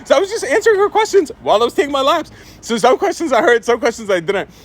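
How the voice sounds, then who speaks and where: Sex: man. Origin: Egypt. Style: casual storytime vlog, chatty, full of "like" and "right?". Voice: high, swooping pitch. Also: fast. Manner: chatty, animated, heavy use of "like" and "right?".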